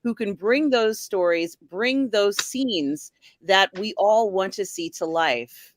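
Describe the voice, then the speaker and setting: A cheerful woman hosts a relaxed live-stream chat, greeting guests and reading out viewer comments. Her voice sits at an ordinary middle pitch. The sound is dry and close, with no room around it. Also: slow pace, no echo. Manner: upbeat, reads viewer comments aloud. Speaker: host.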